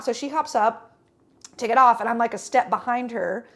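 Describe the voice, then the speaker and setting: A woman's voice: a little high, brisk, vocal fry, a bit bright. A young woman telling a rambling travel story on a casual podcast, with lots of fillers and restarts. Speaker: podcast co-host.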